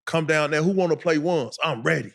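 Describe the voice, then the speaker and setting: A man, co-hosting a podcast and telling an animated story full of acted-out quotes. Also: a little high, a little fast, creaky. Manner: animated storyteller, acts out quotes, laughs a lot. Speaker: podcast co-host. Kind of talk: casual storytelling.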